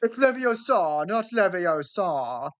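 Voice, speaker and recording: A woman's voice: mid-range voice, animated, unhurried, a bit bright. A woman voicing a bossy know-it-all schoolgirl with a prim, corrective manner.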